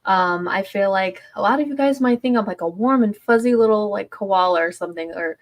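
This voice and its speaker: A woman's voice: medium pitch, brisk. A woman, a stay-at-home mom, sharing her story in a casual livestream chat, rambling with many fillers and restarts.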